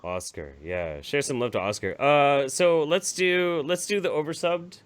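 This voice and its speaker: A man co-hosting a comedy podcast, telling a story in an animated, profane, rambling way. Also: fairly high pitch, measured pace, smooth. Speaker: podcast co-host.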